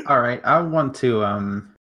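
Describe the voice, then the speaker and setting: A player in a tabletop role-playing game, laying out their character's moves deliberately. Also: mid-range voice, expressive, fairly bright tone.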